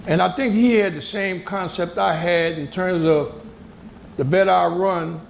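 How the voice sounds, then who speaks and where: An older American man with a gravelly, high voice tells a story at a measured pace as a panel guest in a moderated discussion at a university hall. Colloquial and emphatic, he's a lively storyteller who acts out other people's words. The recording has roomy hall sound and slight background noise.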